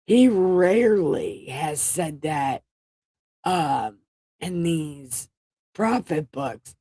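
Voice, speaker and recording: A woman hosting a relaxed late-night Bible-reading livestream, mixing slow scripture reading with irreverent jokes and cursing. Her voice sits a little low and has a husky edge. It is close-miked and dry. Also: no room sound. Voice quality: irreverent, joking, swears and laughs between verses.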